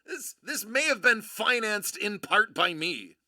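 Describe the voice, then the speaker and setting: A live stream host giving excitable commentary, giddy and prone to laughing and shouting in bursts. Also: medium pitch, a little slow, no room sound, clean studio sound.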